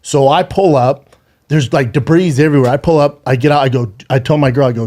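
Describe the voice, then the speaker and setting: A man in his thirties, medium-pitched with a darkish tone, tells a harrowing personal story on a podcast. He swears often and holds back tears, his speech halting as he stumbles, restarts, and repeats words.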